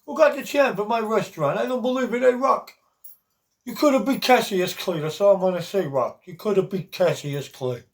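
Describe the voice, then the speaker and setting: A man doing a gruff old boxing trainer. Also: sits high, normal speed, pitched above the performer's own voice. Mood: gruff encouragement. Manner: raised, strained cheering voice.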